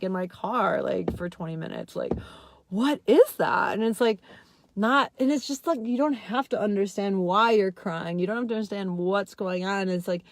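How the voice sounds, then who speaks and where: A young woman telling a personal story in a casual vlog, laughing often and filling her talk with "like". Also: no echo. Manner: giggly, says "like" constantly, swings high when excited. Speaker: vlogger.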